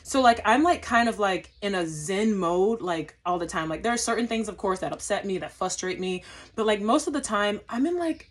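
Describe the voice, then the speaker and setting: A young woman, a flight attendant, telling a travel story in a casual vlog, acting out her own lines and using lots of fillers. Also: mid-range voice.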